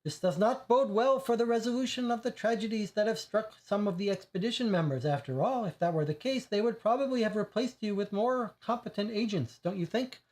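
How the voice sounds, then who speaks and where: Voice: mid-range voice, a little mellow, voice pushed up, natural voice. A player reading out a disdainful, mocking woman from a board game, in a sneering, sarcastic manner. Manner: sneering, sarcastic, slow and deliberate. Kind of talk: reading game text aloud.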